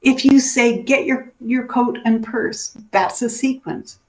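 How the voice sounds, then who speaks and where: A woman's voice: a little high, takes it slowly. A woman who teaches about dementia care, telling client stories and acting out the people in them. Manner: animated, acts out the people in her stories.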